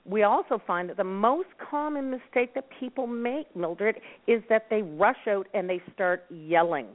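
A woman's voice: mid-range voice, normal speed, slight background noise. Woman explaining over a tinny phone line. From Nova Scotia, Canada. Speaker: dog rescue network founder. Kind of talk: guest explaining on a radio talk show.

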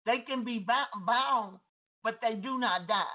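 Slow-talking woman preacher. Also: a little high. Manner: conversational, repetitive, addresses listeners directly. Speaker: deliverance minister. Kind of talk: testimony sermon. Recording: tinny phone-like audio.

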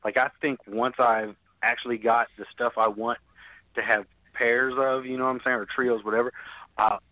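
A man who keeps snakes joins a podcast as a guest, telling lively stories in casual chat with plenty of laughs and free swearing. His medium-pitched voice moves at a moderate pace and sounds animated. It comes through a thin, phone-like line, dry and close with no room echo.

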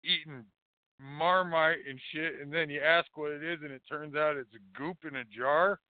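A man's voice: fairly high pitch, fairly even intonation, normal speed, no echo. A man hosting a call-in show, rambling casually with profane, mocking jokes. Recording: phone-like dry lo-fi audio.

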